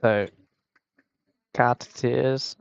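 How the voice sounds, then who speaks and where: Young man from the UK, slow rambling solo game commentary, smooth voice, dull lo-fi headset sound. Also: medium pitch, steady tone, no echo. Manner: rambling, self-mocking, chatty. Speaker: tournament commentator.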